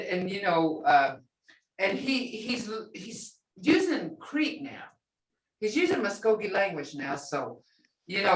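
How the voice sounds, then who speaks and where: An older woman leads a language class at a very slow, patient pace, repeating each phrase for her students. Her voice sits in the middle range. It rings in an echoey room and sounds a little distant from the mic. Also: mid-range voice, fairly bright tone. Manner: unhurried, repeats phrases for learners. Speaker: language teacher. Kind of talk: relaxed classroom teaching.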